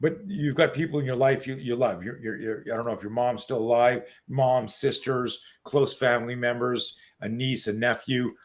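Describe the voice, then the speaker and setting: Guy in his 60s telling self-defense stories on a call, swears a lot, gets loud and punchy. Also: mid-range voice, fairly even intonation, normal speed, few pauses. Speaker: self-defense coach, guest. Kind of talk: casual interview storytelling.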